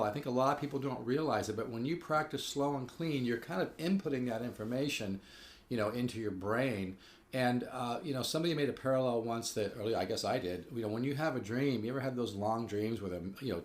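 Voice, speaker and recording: A man's voice: medium pitch, a little fast. A man giving a casual spoken guitar lesson, earnest and enthusiastic, often restarting and repeating himself as he plays. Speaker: guitar teacher. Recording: echoey room with guitar playing.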